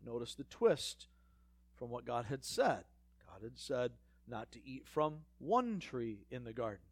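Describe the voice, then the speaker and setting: Dry-voiced preacher with sarcastic asides. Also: male voice, medium pitch, big pitch swings, unhurried, vocal fry, dry recording. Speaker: pastor. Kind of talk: sermon.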